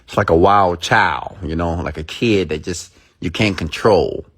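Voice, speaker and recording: Guy with a kinda low voice hyping up his viewers, super emphatic, keeps going "okay? right?", acts out what ur inner voice says. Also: measured pace, a bit bright, breathy edge. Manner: acts out inner thoughts in quoted asides. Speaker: motivational speaker hosting a livestream. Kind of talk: casual motivational talk to viewers.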